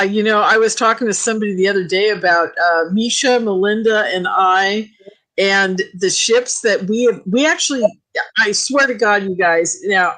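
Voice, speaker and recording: A woman on a talk radio show, telling her experiences in an animated, emphatic, excitable way. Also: mid-range voice, rough recording. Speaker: UFO contactee guest. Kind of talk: casual talk radio chat.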